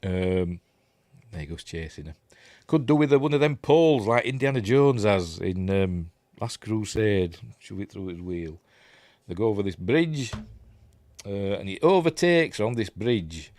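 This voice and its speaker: A man's voice: on the low side, animated, unhurried, a little mellow, no room sound. A Yorkshire man giving a casual, rambling scene-by-scene commentary on a film, often correcting himself and chuckling. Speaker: film reviewer.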